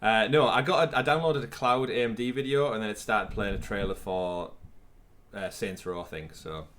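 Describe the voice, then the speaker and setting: A man's voice: fairly low pitch, moderate pace, fairly bright tone, a little hiss or hum. Chatty man co-hosting a podcast. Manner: chatty, laughs often, trails off with fillers. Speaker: podcast co-host. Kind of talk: casual podcast chat.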